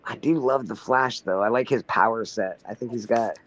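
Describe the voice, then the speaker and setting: A man from Canada hosting a casual comic-book chat, loud and joking, swearing freely. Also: medium pitch, normal speed, a little hiss or hum.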